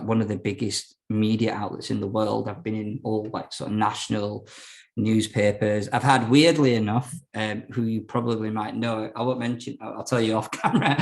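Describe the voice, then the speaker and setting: Young man, podcast guest, low and gravelly, candid and rambling. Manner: rambling, frank, many fillers and restarts. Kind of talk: casual storytelling interview.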